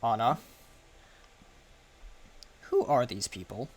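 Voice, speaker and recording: A man voicing a stern armored soldier father with clipped, low commands. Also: animated, slow pace, slightly rough, exaggerated voice.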